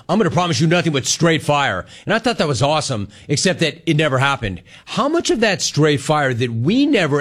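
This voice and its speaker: A male sports talk host interviews a former player, emphatic and enthusiastic. His voice sits somewhat high for a man. He presses his questions with energy.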